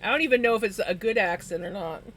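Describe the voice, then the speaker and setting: A woman's voice: mid-range voice, quick pace, fairly bright tone, a little hiss or hum. A woman streaming from home, chatting casually and laughing often between remarks. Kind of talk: casual chat while streaming.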